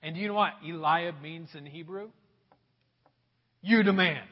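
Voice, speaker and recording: A male pastor preaching a sermon to his congregation, telling a story in an animated way. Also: on the high side, measured pace. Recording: dull sound, long hall reverb.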